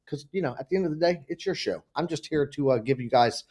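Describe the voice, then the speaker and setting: A man's voice: fairly high pitch, quick pace, darkish tone. Upbeat man hosting a live stream. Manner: upbeat, hyped greetings. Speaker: show host. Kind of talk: casual live-stream chat.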